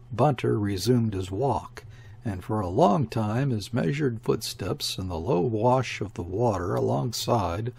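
A man reading a classic short story aloud as an audiobook narrator, measured and steady. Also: mid-range voice, creaky, slightly rough. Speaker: audiobook reader. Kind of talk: scripted narration.

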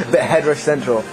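A young man, a student, talking through a casual video diary in a relaxed, halting way, with a chuckle now and then. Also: on the high side, low-quality recording. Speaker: student vlogger. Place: student hall room.

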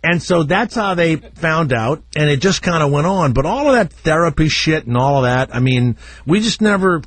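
A man's voice: a little high, lively intonation, moderate pace, no echo. A middle-aged man hosting a radio talk show, telling a profane, comic family story and acting out the voices.

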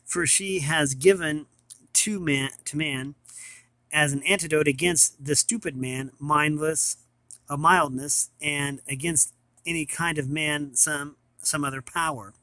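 A man's voice: on the high side, fairly even intonation, measured pace, bright, forceful tone, no room sound. A young man reading an old philosophy text aloud, stumbling and restarting often over the archaic words. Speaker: reader of classic texts.

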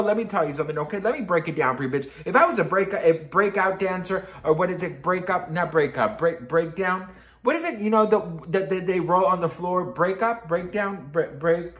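A young man chatting as a pop culture gossip vlogger, sassy and animated, swearing freely and calling his viewers girl. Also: high voice.

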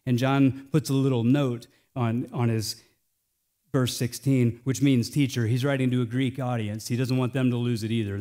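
An American male pastor delivering a sermon, swinging between hushed, slowed phrases and loud, emphatic lines. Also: medium pitch.

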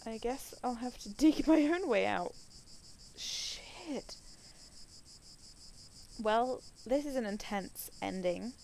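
A young woman casually commenting as she plays a horror game, sweary and quick to react. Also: a little high, lively intonation, gravelly, darkish tone, low-quality recording. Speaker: let's play host.

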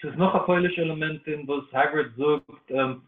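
A man's voice: fairly high pitch, a little fast. A man taking part in a webinar, asking a question hesitantly with many fillers. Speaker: webinar participant. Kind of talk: question from a participant. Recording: tinny, echoey video call line.

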